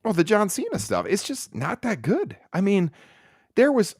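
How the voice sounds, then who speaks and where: A man's voice: sits high, wildly swooping pitch, moderate pace, darkish tone, breathy edge, dry recording. Podcast guy ranting, blunt and sarcastic, voice jumps all over, dry close mic. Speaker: podcast co-host. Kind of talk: casual opinionated podcast chat.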